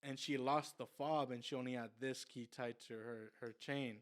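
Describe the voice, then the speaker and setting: A man's voice: mid-range voice, fairly even intonation, normal speed. A young man, a car salesman on a podcast, telling a long story casually, with lots of fillers and restarts. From Mexican heritage.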